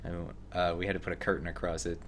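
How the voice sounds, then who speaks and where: A man's voice: sits low, monotone, fast talker, fairly bright tone, slight background noise. A man streaming a video game, chatting casually and wryly as he plays and talks to the characters on screen. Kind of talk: casual gameplay commentary.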